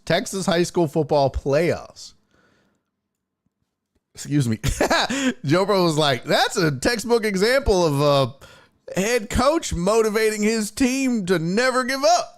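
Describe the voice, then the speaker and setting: A man hosting a sports talk stream, swearing and laughing as he reacts to game clips. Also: medium pitch. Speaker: sports show host.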